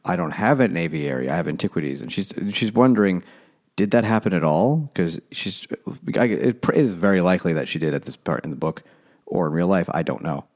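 A man's voice: sits low, lively intonation, a little fast, a little mellow. A man co-hosting a book podcast, chatting loosely and swearing freely. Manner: laid-back, swears freely. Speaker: podcast co-host. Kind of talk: casual chat about a book.

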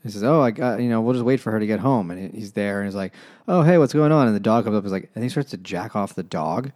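A man co-hosting a casual book-club podcast, retelling the plot in a relaxed way with quoted asides. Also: on the low side, fast, dry recording, clean studio sound. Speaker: podcast co-host.

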